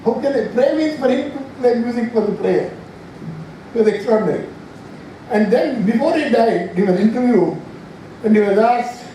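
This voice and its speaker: An elderly Indian man in his eighties speaks informally at a podium, drifting from point to point and correcting himself mid-sentence. His voice sits high but sounds mellow. He is picked up from a distance in a hall with heavy echo and faint background hiss. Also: expressive, moderate pace, pauses often. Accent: Indian English. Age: 80s. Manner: rambling, anecdotal, frequent restarts and self-corrections. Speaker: scientist giving an inaugural address. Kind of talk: informal speech. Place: large lecture hall. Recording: very echoey hall from far off.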